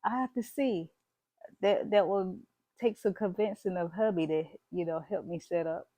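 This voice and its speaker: A woman's voice: on the low side, moderate pace, dark tone, dry recording. A woman vlogging straight to her viewers in a bold, preachy, emphatic manner, dropping "y'all" and "baby" along the way. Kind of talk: casual motivational talk to camera.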